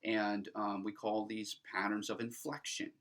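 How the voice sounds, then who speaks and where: A man's voice: lowish voice, level tone, measured pace, fairly bright tone. A middle-aged man giving an informal lecture on Greek grammar, talking in a chatty way with many ums and restarted sentences.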